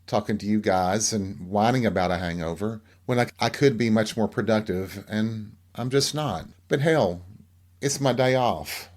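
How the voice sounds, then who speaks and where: Chatty, campy man with a low voice. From Tennessee. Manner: chatty, campy, candid storytelling. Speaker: podcast host. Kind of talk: casual solo chat.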